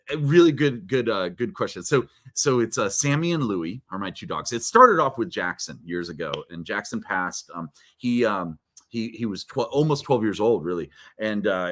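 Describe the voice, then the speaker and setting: A man chatting as an interview guest, telling a story with lots of repeated words and sudden swings between loud and soft. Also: lowish voice. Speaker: guest speaker. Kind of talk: casual interview chat.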